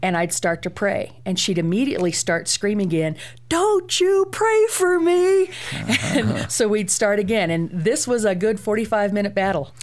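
A middle-aged woman, a guest parent, telling lively stories about raising her daughter on a talk show. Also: medium pitch, a little fast, hardly any pauses. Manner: lively anecdotal telling with fillers.

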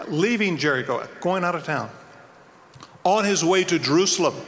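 This evangelistic sermon comes from a man whose high, bright, forceful voice echoes through a hall with lengthy reverb. He dramatizes the story and performs the quoted lines, with faint noise behind him.

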